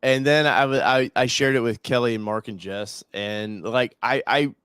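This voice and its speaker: A man hosting a live talk show, chatting casually in a rambling, excitable way with frequent restarts. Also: mid-range voice, normal speed, smooth, dry recording. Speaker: show host. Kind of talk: casual chat.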